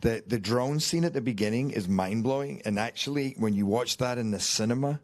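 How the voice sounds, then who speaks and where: A man's voice: mid-range voice, brisk. A middle-aged man, an actor guest, telling an anecdote in a casual interview, acting out voices and cutting himself off as he goes. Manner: animated storyteller acting out quotes; swearing, self-interrupting.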